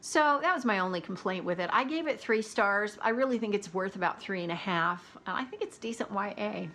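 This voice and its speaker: A book reviewer talks about audiobooks in a bright, forceful, expressive voice of medium pitch, speaking a little fast. She's chatty and opinionated, breaking into laughter at times.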